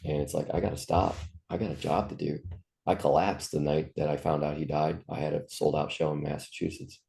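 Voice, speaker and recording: Very deep gravelly man, raw and candid. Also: little pitch movement, a little fast, dark tone. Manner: raw, profane, heartfelt. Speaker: musician guest. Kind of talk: candid interview storytelling.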